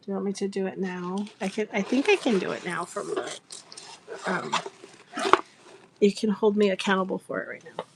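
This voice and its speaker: This is casual live-stream storytelling from a middle-aged woman who sells crafts, animated and often dissolving into laughter over a funny tale. She speaks at medium pitch and normal speed, pausing often. The background is noisy.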